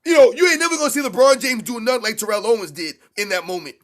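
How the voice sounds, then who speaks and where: A man co-hosting a live basketball reaction stream, talking fast and emphatically, repeating his points. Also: very high-pitched. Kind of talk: excited live game commentary.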